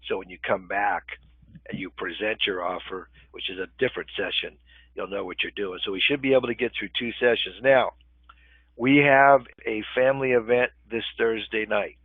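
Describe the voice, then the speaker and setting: A man's voice: on the low side, fairly even intonation, moderate pace, breathy edge, no room sound. An older man teaching a live webinar in a conversational way, often checking in with the group. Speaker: real estate webinar instructor. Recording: tinny phone-line webinar audio, dry.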